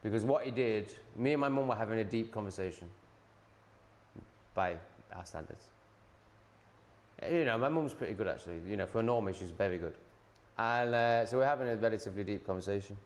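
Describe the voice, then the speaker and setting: Sardonic lower-voiced Englishman ranting. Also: fairly quick, pauses often. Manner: sardonic, blunt, swears freely. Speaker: vlogger. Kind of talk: casual ranting monologue.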